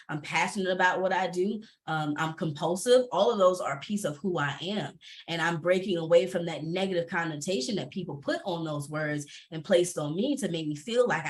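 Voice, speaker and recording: A woman panelist and entrepreneur speaking candidly in a panel discussion, expressive and quick to laugh. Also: fairly low pitch. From based in Atlanta. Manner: expressive, laughs often, animated asides.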